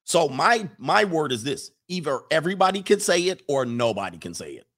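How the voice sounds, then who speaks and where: A man's voice: fairly high pitch, very animated, brisk, a bit bright. A man hosting a casual livestream, reading chat comments and giving emphatic opinions, often repeating phrases for effect.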